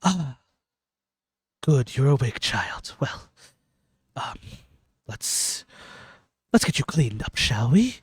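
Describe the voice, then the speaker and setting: A man's voice: medium pitch, sing-song, slow pace, pauses often, husky, dry recording, clean studio sound, exaggerated voice. A man doing a genteel hooded mage. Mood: kindly. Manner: gently condescending, calls the listener child.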